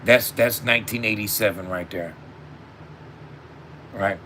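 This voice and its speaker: A man's voice: fairly low pitch, a little slow, sharp tone, a little hiss or hum. A man in his fifties, a rapper and founder, speaking straight to camera in a heartfelt, emphatic monologue full of slang and repeated asides. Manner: emphatic, repetitive, street slang, emotional.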